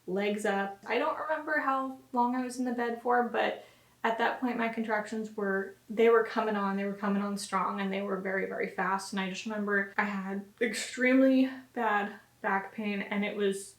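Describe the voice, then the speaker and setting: A woman's voice: mid-range voice, normal speed. Chatty young woman in a roomy space. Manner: chatty, many "like" fillers, animated retelling. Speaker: vlogger. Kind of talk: casual storytelling to camera. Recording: roomy echo.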